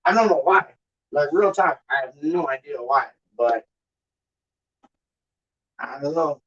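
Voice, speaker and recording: Late at night at home, freshly showered, a vlogger rambles in a little high, animated voice with a fairly bright tone, speaking a little slowly. The muffled recording catches him calling the viewer "dog," repeating "how you mean," and singing football chants.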